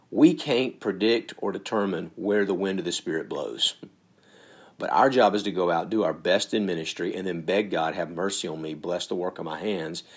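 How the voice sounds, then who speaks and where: A man's voice: lowish voice, breathy edge. A man preaching a sermon in an earnest, conversational way, building to emphatic peaks.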